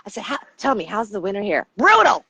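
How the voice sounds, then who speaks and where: Guesting on a podcast, a middle-aged coach from the United States animatedly shares stories in a relaxed interview, performing the voices of those she quotes. She speaks fast at a medium pitch, sounding husky, with no echo.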